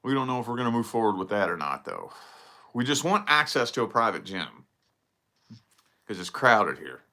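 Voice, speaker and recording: A man's voice: medium pitch, big pitch swings, normal speed, bright, forceful tone. A man talking casually to camera in a solo vlog, rambling and swearing freely as he picks apart his own habits. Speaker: vlogger.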